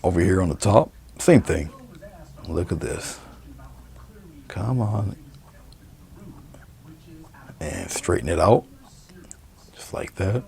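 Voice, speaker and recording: A man giving a painting demonstration, talking through each brushstroke in a relaxed, murmured way. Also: low voice, slow, gravelly, pauses often. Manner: relaxed, murmured step-by-step commentary while painting. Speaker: painting instructor.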